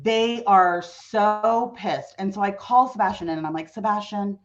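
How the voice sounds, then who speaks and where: Chatting casually on a podcast, a woman in her thirties with a teenage son tells a lively story full of "like" fillers. The recording sounds muffled, and her medium-pitched voice moves at normal speed.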